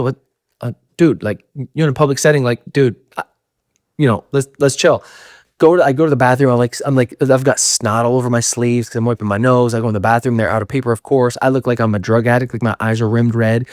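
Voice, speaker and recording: A young man tells a personal story fast and candidly, tumbling through fillers and quoting his own thoughts. His voice sits at an ordinary middle pitch. The sound is dry and close, with no room around it. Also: a little mellow, no echo. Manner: rambling, candid, full of fillers and self-quotes. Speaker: podcast host telling a story. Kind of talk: casual storytelling.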